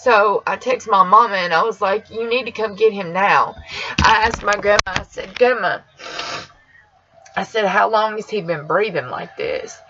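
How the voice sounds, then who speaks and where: Young woman vlogger, raspy fry in a fairly high voice, dull lo-fi recording. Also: moderate pace, very noisy. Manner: emotional, rambling retelling. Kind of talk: personal storytelling vlog. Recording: dull lo-fi sound.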